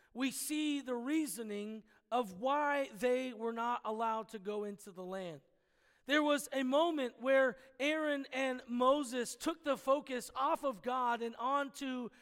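A man's voice: extremely high pitch, a bit bright. A man preaching a sermon, earnest and emphatic, reading scripture aloud in a large echoing hall. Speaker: pastor. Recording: long reverb in a large hall.

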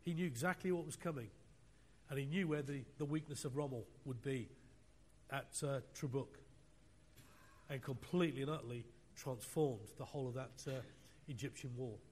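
A British man preaching a sermon with emphatic, repeating phrases that swing between loud and quiet. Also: mid-range voice, normal speed, husky. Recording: long hall reverb.

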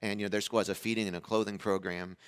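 A man preaching a sermon as a pastor, telling a family story in a casual, conversational way and acting out the dialogue with lively energy. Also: lowish voice, fast talker, smooth. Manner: animated storyteller who acts out dialogue.

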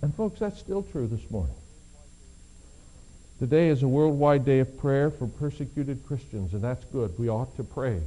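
A man preaching a sermon, shifting between hushed low passages and emphatic raised appeals. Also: expressive, moderate pace, rough recording. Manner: dramatic, swings from hushed to emphatic. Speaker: pastor.

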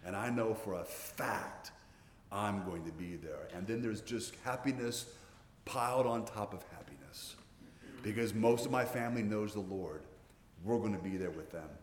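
Older pastor preaching in a reverberant hall. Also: male voice, lowish voice, moderate pace, slight background noise. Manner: earnest, repeats words while preaching. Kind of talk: sermon. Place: church. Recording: roomy church hall reverb.

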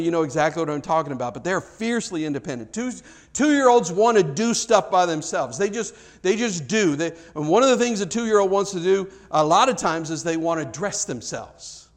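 A man's voice: animated, a little fast, hardly any pauses. A middle-aged man preaching a sermon in a loose, conversational way, breaking off and restarting as he tells family stories. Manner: conversational, self-interrupting, acts out dialogue with big pitch jumps. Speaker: pastor. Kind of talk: sermon with storytelling.

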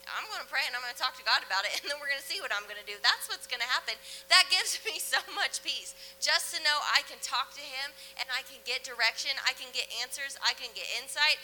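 A woman's voice: sits high, quick pace, few pauses, bright, forceful tone, slight background noise. A woman preaching a sermon in a church in a chatty, conversational way, often laughing between phrases.

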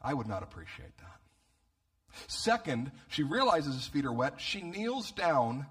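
A male pastor preaching a sermon, animated and humorous, often repeating words as he starts a phrase. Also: on the high side, unhurried.

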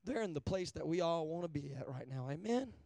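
High gravelly preacher. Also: male voice, animated, a little fast, no room sound. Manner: call-and-response, asking amen often; shifts between hushed and loud. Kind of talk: sermon.

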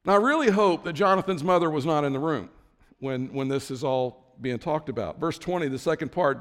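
A man's voice: on the high side, animated, brisk, big-room sound. A man preaching a sermon as pastor, conversational, with frequent restarts and asides.

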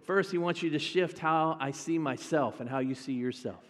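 A man's voice: a little high, moderate pace, fairly bright tone, long reverb tail. A male pastor preaching a sermon in a conversational way, talking directly to his congregation.

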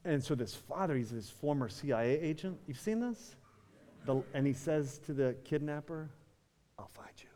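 High-voiced preacher in a reverberant church. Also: male voice, expressive, moderate pace, dark tone. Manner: rising to fervent climaxes, addresses the church directly. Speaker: pastor. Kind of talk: sermon. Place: church sanctuary. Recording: long hall reverb.

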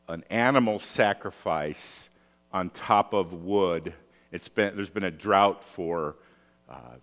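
A man preaching a sermon, telling stories in an animated way with asides and rhetorical questions. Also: fairly low pitch. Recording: long hall reverb.

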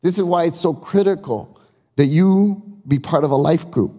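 Long reverb from the church hall surrounds a pastor preaching in the sanctuary. He has a fairly high, dark-toned voice at a moderate pace, and he keeps things conversational and emphatic, directing questions to the congregation.

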